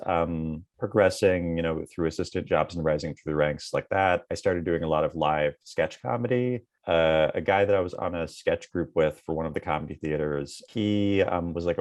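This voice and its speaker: A man's voice: extremely low pitch, darkish tone, no echo. A man in his thirties, a comedy writer, answering interview questions in a rambling way full of fillers.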